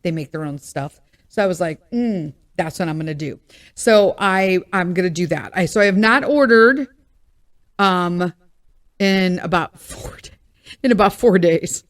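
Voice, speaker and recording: A woman's voice: fairly low pitch, a little slow. A middle-aged woman hosting her own podcast, chatting candidly, laughing at herself and swearing freely, her voice still recovering with a cough. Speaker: podcast host. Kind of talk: casual solo chat.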